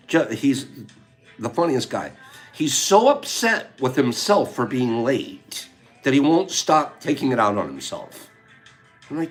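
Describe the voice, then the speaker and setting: An older man hosting a casual talk, telling a fishing story in an animated way, acting out his friends' lines and chuckling as he goes. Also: fairly high pitch, measured pace, pauses often, soft background music. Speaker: host.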